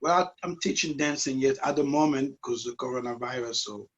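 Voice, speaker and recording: 40s man, French Caribbean accent, soft-spoken guest, muffled call audio. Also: mid-range voice, fairly quick. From Guadeloupe. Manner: soft-spoken, searching for words. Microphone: video call.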